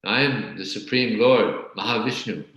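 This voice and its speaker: A man's voice: fairly low pitch, normal speed, fairly bright tone, highs cut off. A man voicing an arrogant male false guru who claims to be God, speaking boastfully and defiantly. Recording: very echoey room.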